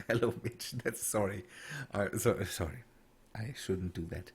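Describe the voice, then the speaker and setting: A man streaming a game and chatting with viewers, halting and restarting as he reads chat. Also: fairly low pitch, slightly rough. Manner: halting, many restarts and fillers while reading chat. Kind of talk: casual gameplay stream chat.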